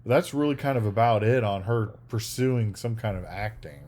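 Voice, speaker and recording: Low-voiced man co-hosting a podcast. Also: normal speed, a little mellow, a little hiss or hum. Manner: rambling, acts out quoted scenes. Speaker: podcast co-host. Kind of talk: casual chat.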